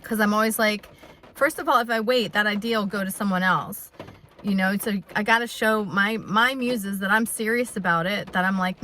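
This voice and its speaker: Bright-voiced woman in her fifties rambling. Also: medium pitch, normal speed, a little hiss or hum. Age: 50s. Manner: rambling and heartfelt, many restarts. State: close to tears. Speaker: vlogger. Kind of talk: unscripted personal vlog. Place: in her truck on a rainy day.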